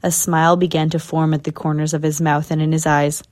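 Woman reading a storybook, low calm voice. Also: brisk. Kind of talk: storybook read-aloud.

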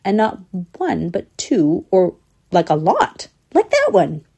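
A woman's voice: medium pitch, wildly swooping pitch, takes it slowly, gravelly, mellow, husky, exaggerated voice. A woman voicing a forgetful elderly male squirrel in a storybook, mild and wavering. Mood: puzzled.

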